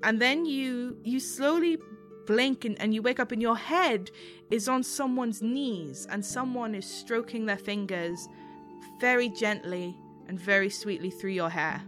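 A woman running a tabletop role-play as game master, narrating scenes in a slow, soothing, descriptive way. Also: on the high side, fairly bright tone, soft background music.

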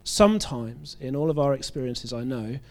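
A man from the UK with a British accent, preaching a sermon in a relaxed, conversational way, joking at his own expense and often restarting his phrases. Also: mid-range voice, normal speed. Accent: British English. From United Kingdom. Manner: conversational, self-deprecating, with frequent restarts.

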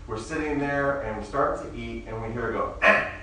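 A man preaching a sermon as a pastor, in a relaxed, conversational way, telling stories with humor. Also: medium pitch, brisk, a little hiss or hum. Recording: very echoey room, mic far off, faint ambience.

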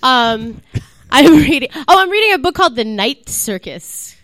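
A sassy woman comedian guests on a live podcast in a small club, teasing the hosts. Her voice sits a little high and moves lively up and down, recorded close and dry. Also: normal speed, no room sound.

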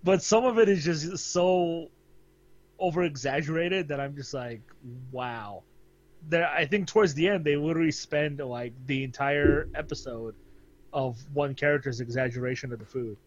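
Podcast co-host, male, slightly high voice, easygoing chatter, muffled lo-fi mic. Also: moderate pace, no echo. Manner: laughs often, relaxed and chatty. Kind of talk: casual chat.

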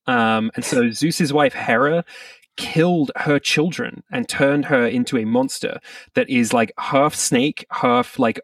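A man's voice: medium pitch, no echo, far from the mic. A man co-hosting a film podcast in casual, jokey chat, who swears freely. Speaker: podcast co-host.

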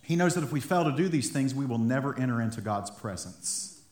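A man's voice: mid-range voice, expressive, fairly quick, a little mellow. A man preaching a sermon in a conversational way, acting out little quotes and building to fired-up emphasis. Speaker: pastor. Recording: echoey room.

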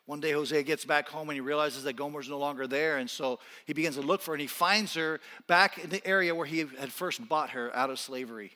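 A man preaching from the pulpit, his voice sharp and forceful as it rings through a large sanctuary. He pushes hard in his appeals, then pulls back to a soft, intimate hush. A long reverb trails every phrase. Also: fairly high pitch, brisk, few pauses. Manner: impassioned, rising to near-shouting then dropping quiet. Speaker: pastor. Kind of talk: sermon. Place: church sanctuary.

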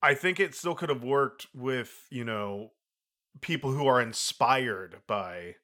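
A man co-hosting a film review podcast with a bright, forward tone at a middle pitch. He talks in a thoughtful, halting way, often restarting mid-thought. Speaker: podcast co-host. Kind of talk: casual film review chat.

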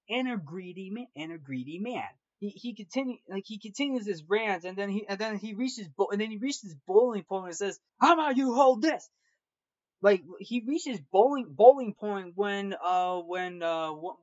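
A man hosting a movie review show, recapping a film in a casual, rambling way with many restarts and fillers. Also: high-pitched. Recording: dull lo-fi, dry sound.

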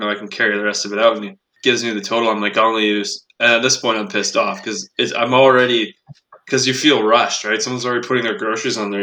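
A man's voice: lowish voice, bright, forceful tone, poor audio. A man hosting a podcast, telling an exasperated, profane story in casual chat. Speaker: podcast host.

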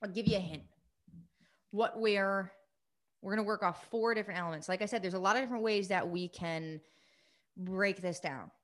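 Excited, fast-talking woman coach. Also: medium pitch. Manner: fast, excited, energetic delivery. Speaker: recovery coach and co-host. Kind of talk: live-streamed coaching session.

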